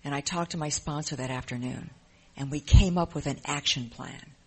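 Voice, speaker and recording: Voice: mid-range voice, normal speed, fairly bright tone, husky. A speaker giving an earnest, emotional personal testimony in a recovery program, often repeating phrases. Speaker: member sharing in a recovery program.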